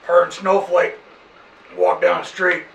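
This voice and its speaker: A man playing a crude, gravelly gunslinger. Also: high-pitched, level tone, a little slow, lo-fi sound, slight background noise. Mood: insulting. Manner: drawling, insulting, talks with his mouth full. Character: crude, boastful gunslinger man, mean-mouthed. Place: tabletop game session around a table. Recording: echoey room, far from the mic.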